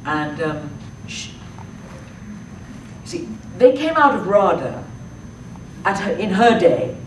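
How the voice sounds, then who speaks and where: A woman, an actress talking through her thoughts in a public talk, halting often with fillers and restarts. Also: lowish voice, sing-song, a little hiss or hum. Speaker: actress answering audience questions. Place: public library talk room. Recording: echoey room from far off.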